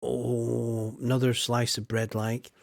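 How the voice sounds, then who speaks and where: A man's voice: medium pitch, level tone, slow pace, gravelly, no room sound. A man streams a farming game in loose, rambling chat, full of self-mocking asides. His voice sits mid-height for a man. The sound is close and dry, with no room around it. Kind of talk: casual gameplay chat.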